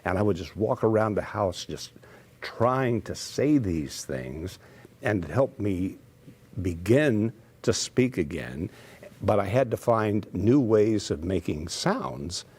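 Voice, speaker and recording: An older man telling stories as a TV guest, speaking carefully and deliberately after a stroke, with frequent fillers. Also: fairly low pitch, lively intonation, darkish tone, slightly rough. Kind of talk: storytelling in a TV interview.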